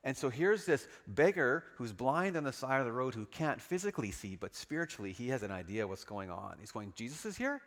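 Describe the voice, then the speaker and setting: Animated male preacher in an echoey hall. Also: medium pitch, a little fast, hardly any pauses. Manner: lively, dramatic storytelling. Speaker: pastor. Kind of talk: sermon.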